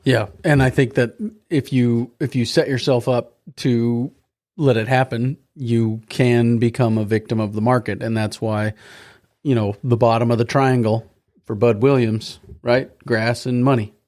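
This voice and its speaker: A man's voice: medium pitch, steady tone, unhurried, darkish tone. A man hosting a podcast interview in an easygoing, folksy way, laughing often. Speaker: podcast host.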